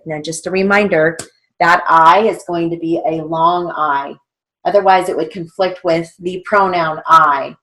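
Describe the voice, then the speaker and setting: A woman's voice: on the low side, fairly even intonation, a little slow, fairly bright tone. A woman teaching stenography theory. She dictates practice phrases with their punctuation spoken aloud and spells out words letter by letter. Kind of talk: slow dictation of drills with explanations.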